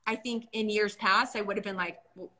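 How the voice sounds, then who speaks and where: A woman's voice: mid-range voice, steady tone, a little fast, pushed and bright. A young adult woman co-hosting a casual faith discussion, earnest and storytelling. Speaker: podcast co-host.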